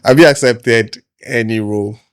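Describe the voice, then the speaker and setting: A male podcast host asks his guest questions in a relaxed, teasing manner. He keeps pushing playfully for a real answer. His voice sits at an ordinary middle pitch. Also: moderate pace, clean tone. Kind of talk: casual interview questions.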